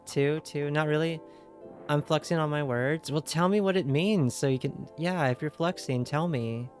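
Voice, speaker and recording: A woman's voice: sits low, moderate pace, darkish tone, faint music behind. A young woman streaming a game, chatting casually and asking her viewers lots of questions. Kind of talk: casual livestream chat.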